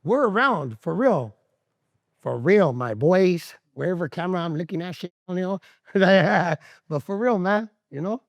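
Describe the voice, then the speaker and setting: Animated, gravelly man talking candidly. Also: high-pitched, unhurried, no echo. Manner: rambling, profane, streetwise slang; animated, laughs often. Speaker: interviewee. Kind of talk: candid casual talk.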